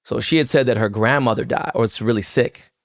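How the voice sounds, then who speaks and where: A man's voice: mid-range voice, a little fast, vocal fry. A man in his fifties telling a story on a podcast in casual, profane slang, acting out quoted lines. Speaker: podcast co-host.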